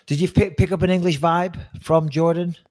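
A man co-hosting a podcast, giving fight picks in animated, teasing casual chat with emphatic repetition. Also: fairly high pitch, normal speed. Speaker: podcast co-host and fight pundit.

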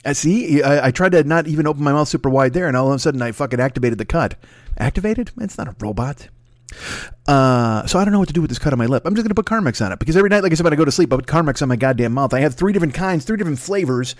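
A man hosting his own podcast in a rambling, profane, self-mocking comic monologue, often talking fast. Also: on the high side, lively intonation, no echo, studio quality. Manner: talks fast, then slows down. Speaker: podcast host.

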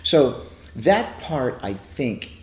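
This older man, a TV writer appearing as a guest, drifts through long, rambling stories in casual interview conversation and performs the quotes aloud. His medium-pitched voice swings widely in pitch and he draws out his words, with an echoey room around him.

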